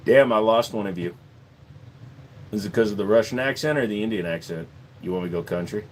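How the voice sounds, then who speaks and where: A man's voice: lowish voice, brisk, pauses often, a little hiss or hum. Jokey man hosting a livestream. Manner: jokey, slips into accent impressions. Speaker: livestream host. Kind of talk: casual livestream Q&A chat. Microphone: desk microphone.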